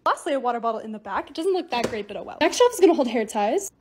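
A woman's voice: a little high, sing-song, racing, darkish tone, a little hiss or hum. A young woman narrating her home projects and shopping hauls in a chatty, bubbly vlog voice-over. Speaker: lifestyle vlogger.

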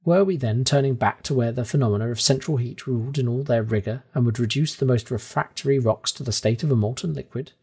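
A man reading a classic novel aloud in calm, measured audiobook narration. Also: mid-range voice, slightly rough.

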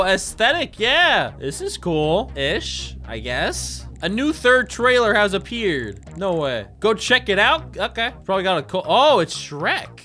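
A young man doing excitable, jokey commentary over a video game, reacting loudly and often shouting at what happens on screen. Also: high voice. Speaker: gaming YouTuber. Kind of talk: let's play commentary. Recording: faint game music behind.

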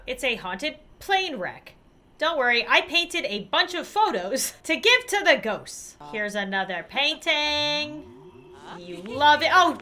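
A young woman doing playful, excitable commentary while playing a game. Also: high-pitched. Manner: excitable, playful, quick reactions. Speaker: gaming YouTuber. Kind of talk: let's play commentary.

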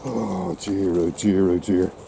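A mellow, low-sitting male voice with vocal fry and a steady tone takes things slowly. He's a plain-spoken man out on a windy coast with his dog, casually vlogging, speaking to the dog and puffing as he climbs, with wind buffeting the mic.

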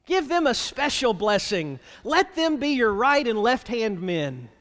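A pushy mother begs a favor for her sons, wheedling and insistent, as a male pastor puts her on mid-sermon. The voice sits high, and the long reverb of a large church hall rings around it. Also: big pitch swings, unhurried, fairly bright tone, heavily acted.

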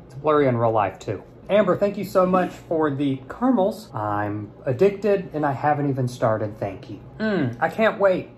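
Playful young man, very animated. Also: slight background noise. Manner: playful, jokey, swinging from mumbles to high squeals. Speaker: vlogger opening fan mail. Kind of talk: casual unboxing chat.

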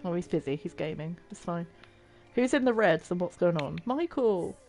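Lively giggly woman gamer. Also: fairly low pitch, moderate pace, gravelly, soft background music. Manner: chatty, giggly, reacts out loud to the game. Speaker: gaming streamer. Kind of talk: casual gameplay commentary.

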